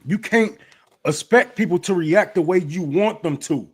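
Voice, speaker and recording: A young Detroit man hosting a livestream rants bluntly and heatedly, swearing a lot. His voice is high for a man with a breathy edge, and he talks fast and loose, like friends chatting casually.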